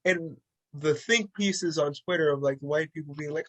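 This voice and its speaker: Man, podcast co-host, casual chat, animated, higher-pitched voice. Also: moderate pace, poor audio. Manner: animated, acts out quotes in a raised voice.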